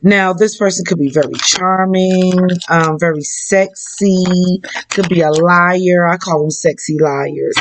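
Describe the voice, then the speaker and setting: A woman giving a psychic reading for her viewers in a relaxed, frank way, with blunt talk and casual swearing. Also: lowish voice, unhurried. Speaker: psychic reader.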